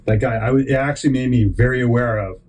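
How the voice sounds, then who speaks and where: A man's voice: mid-range voice, fairly even intonation, quick pace, darkish tone, muffled recording, slight background noise. A man hosting a podcast, telling a long rambling story and acting out other people's lines in put-on voices. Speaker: podcast host.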